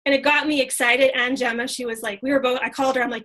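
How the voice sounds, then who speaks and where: A woman leading a casual team training talk, excited and chatty, full of fillers. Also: high-pitched, fairly quick, poor audio. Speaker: team leader.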